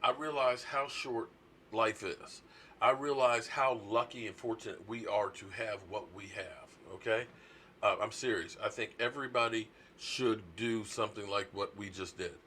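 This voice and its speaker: A man's voice: fairly low pitch, steady tone, moderate pace, bright, forceful tone, slight background noise. A man hosting a casual sports talk video, ranting indignantly and rambling with restarts.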